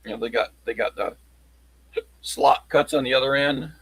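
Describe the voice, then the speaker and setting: A man chatting casually on a livestream, showing his locksport tools in a halting, rambling way. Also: medium pitch, fairly even intonation, a bit bright, slightly rough, no echo, low-quality recording. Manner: halting, rambling show-and-tell.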